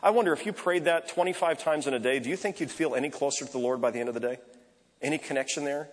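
A man preaching a sermon as pastor, conversational, softly repeating short prayer phrases. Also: fairly high pitch, quick pace, slightly rough. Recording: echoey hall reverb.

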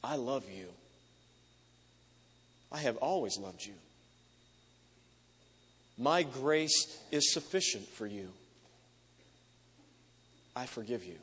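A man voicing Jesus during a sermon, speaking earnestly as a gentle yet firm teacher. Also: medium pitch, animated, takes it slowly, pauses often, slightly rough, exaggerated voice. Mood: tender. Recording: long reverb of a large hall.

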